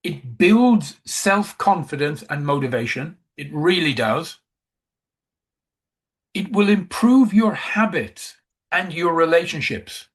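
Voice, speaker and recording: A man's voice: a little high, lively intonation, slow. A man giving a coaching presentation, emphatic, who repeats key phrases.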